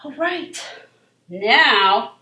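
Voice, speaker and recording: Woman children's yoga instructor, high-pitched and sing-song, unhurried; recorded far off in a reverberant room. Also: expressive. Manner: encouraging, gentle and sing-song. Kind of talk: leading a kids' yoga class. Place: library room.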